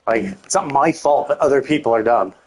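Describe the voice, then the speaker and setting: A man's voice: medium pitch, animated, fairly quick, husky. A man streaming a video game, rambling casually and venting his annoyance with lots of swearing and filler words. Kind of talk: casual gameplay commentary.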